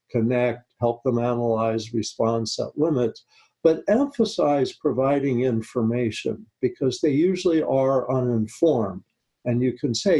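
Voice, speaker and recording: A man speaking as a guest expert, calm and instructive, slowing down on key points in a talk-show discussion. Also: medium pitch, poor audio. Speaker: guest expert on high-conflict disputes.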